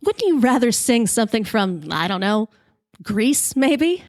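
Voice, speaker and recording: A woman voicing her supportive, quick-witted boyfriend in a told story, with cutting comebacks. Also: fairly high pitch, dry recording, clean studio sound. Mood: easygoing. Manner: calm, then cutting comebacks.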